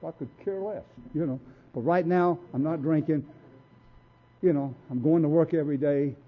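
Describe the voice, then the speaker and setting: A slightly high-voiced man at a moderate pace recounts his life at a recovery meeting in a blunt, street-smart way, imitating what people told him. It's a tinny, phone-like recording.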